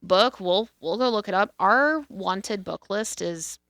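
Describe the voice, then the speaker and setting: A woman co-hosting a podcast, talking bluntly and swearing freely as she chats. Her voice is bright and forceful, and the sound is dry and close. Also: medium pitch, lively intonation, a little slow, no room sound. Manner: blunt and candid, swears freely, many fillers and restarts. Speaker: podcast co-host. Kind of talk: casual podcast chat.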